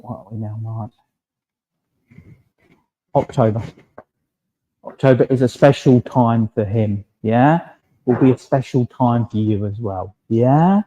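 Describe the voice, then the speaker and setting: At a church service in a village hall, a male medium gently passes on spirit messages, adding a questioning "yeah?" after nearly every phrase. His voice is mid-range, and the audio is poor.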